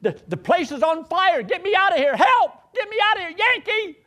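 A woman's voice: fairly high pitch, lively intonation, normal speed, a bit bright, pitched above the performer's own voice. A man voicing his dying older sister, who begs frantically to be pulled from her bed. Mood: panicked. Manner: frantic, pleading cries. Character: dying older woman, panicked, begging for rescue.

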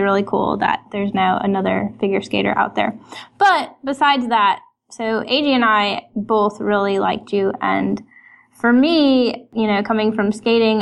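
A woman panelist in a casual chat, upbeat and cheerful. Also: mid-range voice. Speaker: podcast panelist.

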